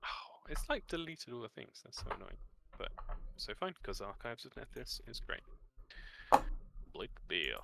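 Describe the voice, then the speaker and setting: A man's voice: mid-range voice, huge pitch swings, moderate pace, vocal fry, heavy background noise. A man narrating as game master of a tabletop role-playing game, describing scenes vividly and adding sound effects.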